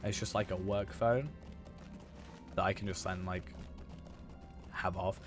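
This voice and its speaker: Young man, low voice, rambling casual game-stream chat, slightly hoarse, faint music behind. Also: fairly even intonation, unhurried. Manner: rambling, filler-heavy, self-correcting. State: hoarse after losing his voice. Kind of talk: casual chat while gaming.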